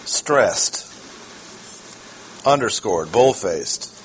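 A man's voice: lowish voice, lively intonation, a little hiss or hum, poor audio. Emphatic man teaching a Bible verse. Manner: deliberate, emphatic, slows to stress key words; asks the audience questions. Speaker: preacher.

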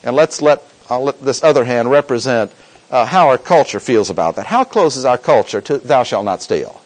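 A preacher delivers a sermon in an animated voice of medium pitch that rises and falls. He leans on quoted verses with deliberate emphasis and turns to ask the congregation questions. The recording is rough.

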